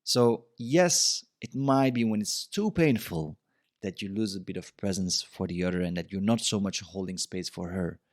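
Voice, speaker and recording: A man's voice: sits low, moderate pace, no echo, clean studio sound. A man hosting a podcast, giving relationship advice in a reflective, casual monologue and often repeating himself. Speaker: podcast host.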